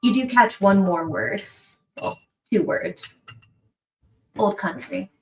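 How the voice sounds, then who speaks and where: A woman's voice: medium pitch, slow pace, faint music behind, poor audio. A woman narrating as game master of a tabletop game, chatty and given to laughing, dropping to a whisper for suspense.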